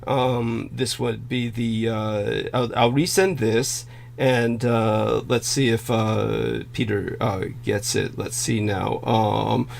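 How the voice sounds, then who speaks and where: A male livestream host with a gravelly, fried edge in his voice, of ordinary pitch for a man. He speaks haltingly, with many filler sounds and restarts. He is losing his voice as he talks. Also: steady tone, slight background noise. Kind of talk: livestream discussion.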